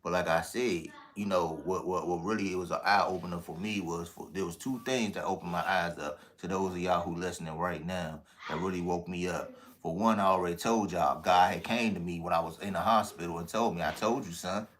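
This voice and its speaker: A man's voice: low-pitched, fairly even intonation, brisk, fairly bright tone. A man giving an earnest testimony and speaking straight to his audience on a live stream. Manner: earnest, addresses the audience directly as "y'all". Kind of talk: testimony to viewers.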